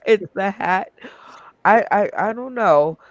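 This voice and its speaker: A man's voice: high voice, takes it slowly, fairly bright tone, no echo. A man hosting a casual comedy game show over a video call, laughing often and rambling with fillers.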